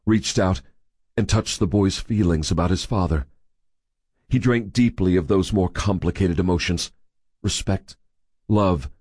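A man reading a novel aloud in a measured, steady storytelling voice. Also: fairly low pitch, breathy edge, no echo, studio quality. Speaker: audiobook narrator. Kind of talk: scripted narration.

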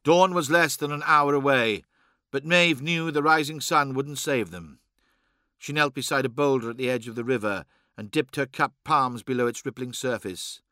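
Give me a male audiobook narrator with a bright voice and a dry, close sound. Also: mid-range voice, no echo. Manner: measured, dramatic reading.

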